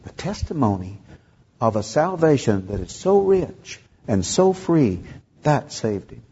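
Gravelly older man preaching. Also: very animated, measured pace, mellow, highs cut off. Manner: storytelling, acting out dialogue with rising pitch. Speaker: pastor. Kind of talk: sermon.

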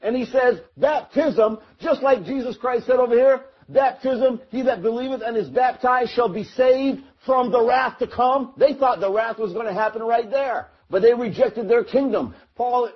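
A man with a high, husky voice preaches a Bible sermon. He teaches verse by verse, asking the listeners questions. The recording sounds muffled and lo-fi. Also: normal speed, hardly any pauses. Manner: storytelling, acts out the crowd and Noah, rising to shouts.

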